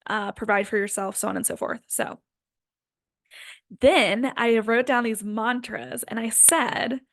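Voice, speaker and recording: A woman's voice: a little high, fairly even intonation, unhurried, no echo. A woman in her twenties giving a casual, earnest spiritual self-help talk, full of "like" and "um". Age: 20s. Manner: earnest, filler-heavy with frequent "like" and "um". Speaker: spiritual healing coach.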